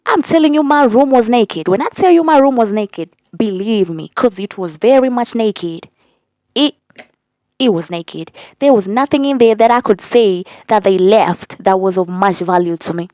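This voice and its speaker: A young woman telling a storytime vlog in a casual, animated way, cursing and repeating lines for emphasis. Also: mid-range voice, normal speed, no echo. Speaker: vlogger.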